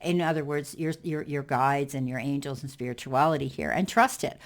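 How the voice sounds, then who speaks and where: Lady doing a tarot reading, lowish voice, reassuring, lots of ums. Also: fairly quick. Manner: reassuring, with fillers and repeated words. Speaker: tarot reader.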